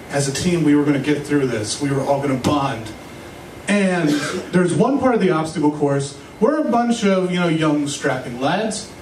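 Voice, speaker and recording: High-voiced young man telling a comic story. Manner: rambling, self-mocking, with bursts of quick asides. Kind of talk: stand-up storytelling. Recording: echoey room, mic a bit far, faint hiss.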